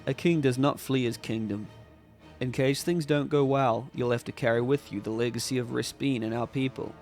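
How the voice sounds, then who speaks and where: Voicing a proud, defiant king, a man issues solemn commands. His mid-range voice has a darkish tone, fairly even intonation and normal speed, close to how he'd talk every day. Faint music plays behind him.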